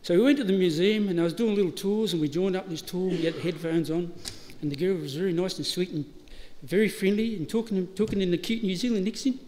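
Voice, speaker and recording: In a reverberant funeral service hall with faint ambient noise, a middle-aged Australian man gives a eulogy. His high, slightly mellow voice moves quickly with few pauses as he laughs through funny stories and acts out the dialogue.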